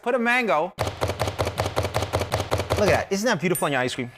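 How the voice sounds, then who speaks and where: Middle-aged guy doing a loud jokey infomercial pitch, high voice, bounces up and down a lot, bit of hiss. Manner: brash, joking, punchy sales patter. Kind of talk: fast-talking infomercial demonstration.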